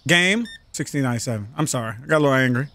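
A man's voice: medium pitch, very fast, a little hiss or hum. A man giving casual, profane let's-play commentary, joking and bantering with the shoppers in a store game. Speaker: gaming channel host.

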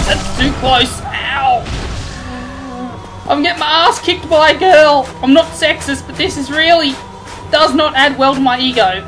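A woman doing let's play commentary, excitable and trash-talking the enemies she fights. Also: sits high, low-quality recording. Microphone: headphones and desk mic. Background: game music.

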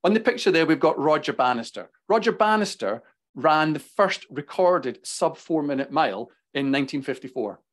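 Man, Glaswegian Scottish accent, somewhat high voice, business presentation, quick and passionate. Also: expressive, fairly bright tone. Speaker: business speaker. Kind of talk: presentation with slides.

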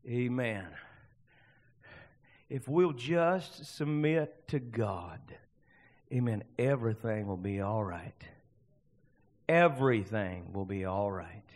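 A man preaching a sermon as pastor, swinging between loud fervent bursts and hushed passages. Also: lowish voice.

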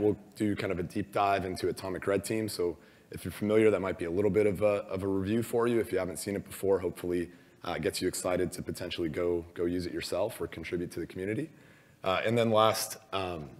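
A hoarse man who has lost his voice gives a casual, self-deprecating conference talk, with many ums and uhs. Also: low voice, darkish tone. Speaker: conference speaker. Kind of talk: conference presentation. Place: large conference hall. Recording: long reverb of a large hall.

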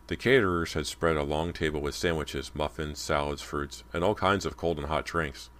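A man narrating a horror novel as an audiobook, in a steady, low-key reading. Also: moderate pace, few pauses.

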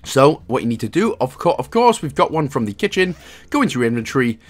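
This gaming guide host is a Welsh man speaking at a medium pitch, quickly, with big pitch swings, while faint music plays behind him. He walks through the game one step after another. Jokes and chuckles fill the gaps between his instructions.

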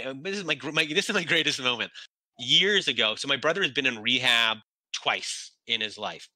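A man as an interview guest, telling a personal story in a halting way, restarting when moved and close to tears. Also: mid-range voice, pushed and bright, no room sound, rough recording.

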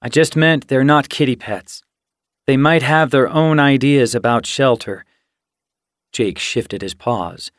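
A male audiobook narrator reads at an unhurried pace, with a mid-pitched voice. The sound is dry and close, with no room around it. He keeps the narration level and raises his voice for dialogue. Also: no room sound. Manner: reads slowly and evenly, lifting his voice for dialogue. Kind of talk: scripted narration.

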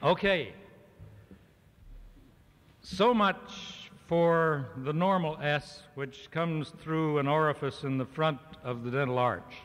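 A farm organization audience in a big hall hears a man give a funny speech styled as a mock-serious lecture. His voice is fairly high and fairly bright, and he takes his time. The recording comes from an archival cassette, echoing with the hall's reverb.

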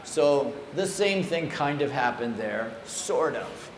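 Animated male storyteller in an echoey room. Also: medium pitch, takes it slowly. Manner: animated, playful anecdotes with acted quotes. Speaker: speaker at a temple. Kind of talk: humorous storytelling talk. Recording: echoey room, faint noise.

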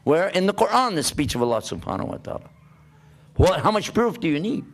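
A man giving a religious talk to an audience, lively and questioning, often acting out the voices of the people he quotes. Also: sits high, fairly quick. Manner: animated, plays out quoted voices and asks rhetorical questions. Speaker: Islamic preacher.

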